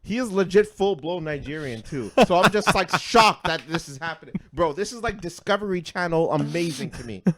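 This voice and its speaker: Animated man, rising pitch, dramatic swings. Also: fairly quick, hardly any pauses. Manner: animated storyteller, swings from low mutters to loud outbursts, heavy swearing. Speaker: podcast co-host. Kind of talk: casual storytelling chat.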